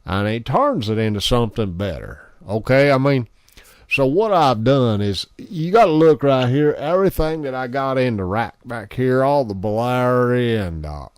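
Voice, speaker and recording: A man's voice: mid-range voice, expressive, a little slow, a little mellow, clean tone, no room sound. A man who operates an amateur radio station, talking through a gear demo in a boastful, crude and folksy way into a close studio microphone.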